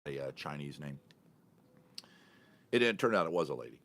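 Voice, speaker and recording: Deep-voiced man telling a rambling story. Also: very animated, moderate pace, fairly bright tone. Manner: rambling, chatty, self-correcting. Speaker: podcast host. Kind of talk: casual storytelling monologue.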